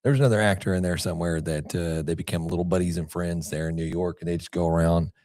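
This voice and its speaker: A man's voice: deep voice, steady tone, quick pace, a little mellow, no echo, clean studio sound. A man with a Texan accent co-hosting a podcast, telling a story with stumbles and repeated words. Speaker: podcast co-host. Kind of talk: casual chat.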